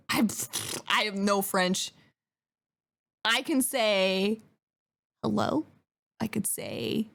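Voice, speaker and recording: A woman's voice: medium pitch, takes it slowly, long pauses. A young woman from Western Canada, chatting casually on a live stream, giggling often and trailing off with fillers.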